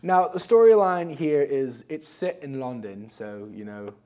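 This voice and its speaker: Male co-host, casual game chat, loose and rambling, average pitch. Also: expressive, measured pace, mellow. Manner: rambling, laughs at his own story. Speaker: co-host of a gaming show.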